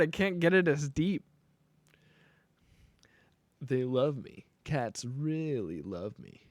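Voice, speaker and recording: A man's voice: medium pitch, very animated, unhurried, pauses often, no echo. A young man chatting casually on a live stream while making beats, joking and rambling playfully.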